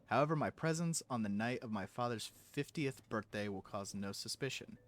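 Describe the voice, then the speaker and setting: Brief: man voicing a cold young heir plotting a killing, unhurried, haughty game dialogue, lively pitch. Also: lightly acted. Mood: scheming. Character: estranged young male heir plotting murder. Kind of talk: reading game dialogue aloud.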